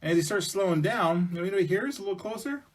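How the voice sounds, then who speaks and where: Husky-voiced chatty male storyteller. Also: high voice, expressive, very fast. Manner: chatty, conversational, with asides to the listener. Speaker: storyteller presenting to schools. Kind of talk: casual oral storytelling.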